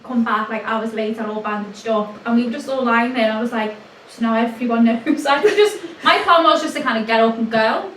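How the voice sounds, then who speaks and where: Brief: bubbly woman in her twenties, high-pitched, distant and roomy sound. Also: brisk. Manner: animated, laughs often, lots of fillers. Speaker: podcast co-host. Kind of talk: casual chat, storytelling. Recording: echoey room, far from mic, faint noise.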